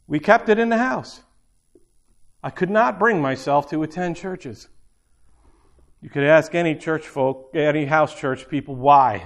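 Man preaching a conversational sermon. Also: a little high. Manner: conversational, repeats phrases for emphasis. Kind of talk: informal sermon.

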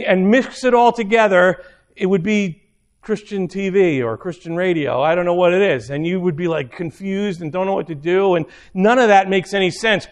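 A man preaching a sermon, animated, acting out little scenes in character voices. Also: sits high. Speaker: pastor.

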